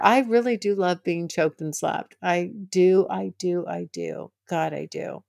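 Frank, giggly woman with a gravelly voice. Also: on the low side, expressive, unhurried, darkish tone, no room sound, studio quality. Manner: frank, laughs often, gushing. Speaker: podcast host. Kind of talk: candid personal storytelling.

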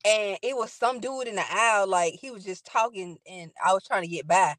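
A woman's voice: medium pitch, fairly quick, a bit bright, no room sound. A woman with a Southern US accent chatting casually with friends, laid back and giggly.

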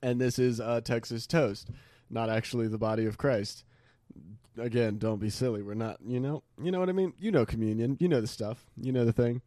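A man's voice: mid-range voice, fairly quick, mellow, no room sound. A young man co-hosting a podcast, chatting casually, joking and laughing often with rambling asides. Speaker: podcast co-host. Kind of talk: casual chat.

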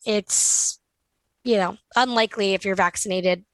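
A woman's voice: mid-range voice, steady tone, unhurried, fairly bright tone, dry recording, rough recording. A young woman co-hosting a podcast, upbeat and conversational as she leads into segments. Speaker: podcast co-host. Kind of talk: casual podcast chat.

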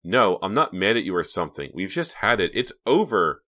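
A man reading an audiobook, voicing a cold, mocking teenage girl with a sharp, cutting manner, his voice raised to a higher pitch. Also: expressive, brisk.

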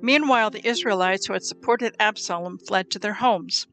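A woman reading Bible passages aloud in a calm, measured storytelling way. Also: medium pitch, soft background music. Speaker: scripture reader.

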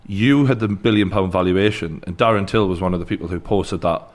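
A man's voice: sits low, fairly quick. A man with a Geordie accent hosting a casual podcast interview, blunt and teasing, swearing freely. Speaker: podcast host.

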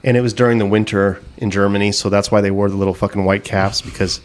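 Host type: lower-pitched guy, loose and profane, rambly storyteller for a comedy podcast. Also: steady tone, fast. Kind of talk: casual comedy podcast banter.

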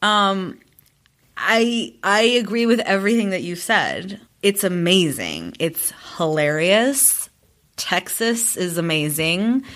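Woman podcast co-host, slightly low voice, giggly, casual sign-off patter. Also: fairly bright tone. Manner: laughing, chatty, filler-heavy.

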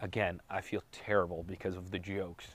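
A man's voice: sits low, level tone, fairly quick, fairly bright tone. A man casually telling a long, rambling personal story with jokes and self-corrections on a podcast. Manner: rambling, self-correcting, joking, with light laughs. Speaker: podcast co-host telling his daughter's birth story.

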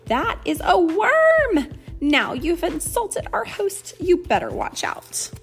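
A woman's voice: extremely high pitch, very animated, slow pace, gravelly, faint music behind, pitched above the performer's own voice, full character voice. A woman voicing a playful little boy who pretends to be a wizard and a pirate, theatrical and mock-menacing. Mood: mock-offended.

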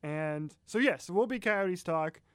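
A chatty man co-hosting a podcast, talking straight to his listeners in a folksy, easygoing way. His voice sits a little high and comes across smooth and clear, close on the mic in a dry room with no echo. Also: expressive, slow. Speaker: podcast co-host. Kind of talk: casual chat.

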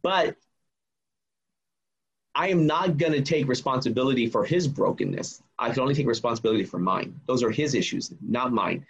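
A man's voice: medium pitch, normal speed, breathy edge, lo-fi sound. A man in his forties, a memoir author, telling his story earnestly and emphatically as a podcast guest. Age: 40s. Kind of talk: casual podcast conversation.

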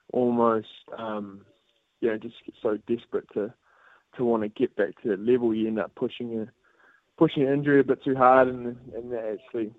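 New zealand man, young adult, relaxed casual chat, phone-line sound, dry. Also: mid-range voice, no room sound. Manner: relaxed, laughs along with banter. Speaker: guest on the phone.

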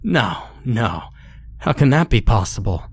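A man's voice: medium pitch, sing-song, a little slow. A man playing a terrified old man. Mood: panicked. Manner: panicked, demanding.

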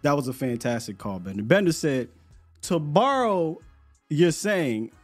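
A relaxed man hosting a live podcast, chatting loosely with lots of slang and repeated words. A little music plays faintly in the background. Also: on the high side, measured pace. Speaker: podcast host. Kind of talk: casual live-stream chat.

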